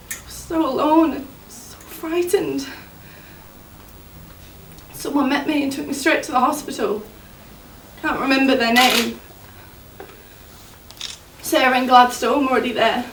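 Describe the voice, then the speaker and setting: An actress playing a grieving young fiancée, high voice. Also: female voice, fairly bright tone. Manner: tearful, halting, emotional. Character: young woman, grieving fiancée of an injured footballer. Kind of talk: stage monologue. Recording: roomy, distant mic, faint noise.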